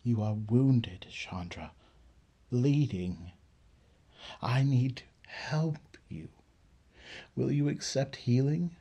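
A man voicing a gentle male healer monk who speaks in a hushed, halting, breathy way. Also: mid-range voice, lively intonation, heavily acted.

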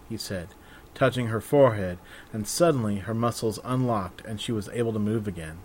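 A man reading a fantasy story aloud in steady, measured scripted narration. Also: on the low side, slight background noise.

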